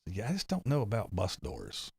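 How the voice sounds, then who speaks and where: A man's voice: fairly low pitch, huge pitch swings, normal speed, creaky, a little mellow, breathy edge, no room sound. A middle-aged man from the United States, hosting a casual livestream chat, rambling and often laughing and swearing. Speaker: livestream host reading chat.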